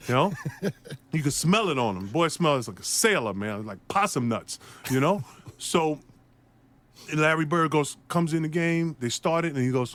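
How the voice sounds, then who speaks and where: In an interview, a former basketball player tells a lively story, laughing a lot and doing the voices of the people involved. His male voice is slightly high and moves at a moderate pace.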